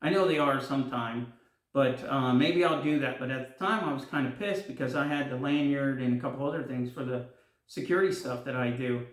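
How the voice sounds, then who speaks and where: A man's voice: medium pitch, fairly quick. A middle-aged man telling a rambling personal story on his guitar vlog, with many fillers, acting out the voices of the people he quotes. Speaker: guitar vlogger. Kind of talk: casual storytelling. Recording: echoey room.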